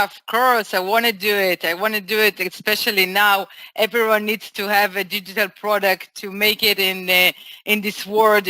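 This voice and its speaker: A woman's voice: mid-range voice, bright, forceful tone, no room sound. A woman co-hosting a live webinar, eager and laughing, speaking English as a second language. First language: not English. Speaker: webinar co-host.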